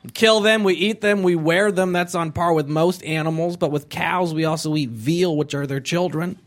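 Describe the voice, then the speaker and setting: A young man from Rhode Island, doing a stand-up comedy set with deadpan delivery. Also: moderate pace. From Rhode Island, USA. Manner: deadpan delivery with sudden high-pitched character voices.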